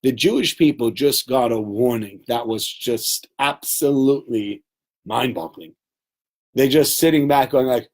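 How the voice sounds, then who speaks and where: A man's voice: medium pitch, expressive, unhurried, a little mellow. A man giving a Torah lesson to a class, telling stories with animation and acting out quotes. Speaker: Torah teacher.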